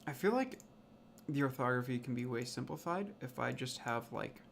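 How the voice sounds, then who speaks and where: A man's voice: medium pitch, lively intonation, moderate pace, creaky, a little hiss or hum. A man thinking aloud as he builds a language, muttering, swearing and sounding out invented words again and again. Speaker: language creator. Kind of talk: thinking aloud while working.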